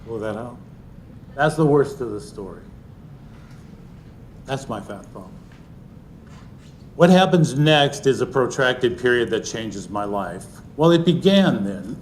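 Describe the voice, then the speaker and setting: A man's voice: medium pitch, a little hiss or hum. Earnest man telling a personal story. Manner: earnest, often sinking to a soft, hushed delivery. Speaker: speaker sharing a personal story. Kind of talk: personal storytelling talk to an audience.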